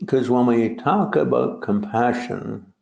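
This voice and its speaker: Buddhist teacher guy, dark mellow voice, rambling with little jokes, echoey room. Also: medium pitch, takes it slowly, gravelly. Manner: digressive, joking asides. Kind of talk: dharma talk on a translated poem. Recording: roomy, dull lo-fi recording.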